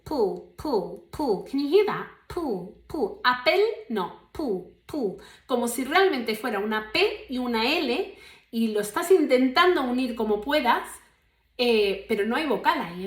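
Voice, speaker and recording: A woman with an Australian accent teaching English, slowly and carefully modeling each word's pronunciation for learners. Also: on the high side. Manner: slow, deliberate pronunciation modeling. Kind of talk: language lesson drills. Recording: roomy echo.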